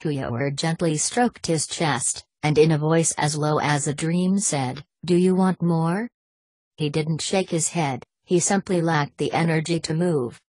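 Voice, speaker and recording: Husky low woman narrating an audiobook. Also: measured pace, few pauses, darkish tone, dry recording. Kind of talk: audiobook narration of a martial arts novel.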